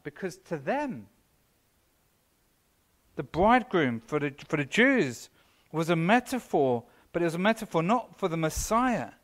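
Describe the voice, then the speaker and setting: A man preaching a conversational sermon as pastor, self-deprecating and full of asides to the congregation. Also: sits high. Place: church.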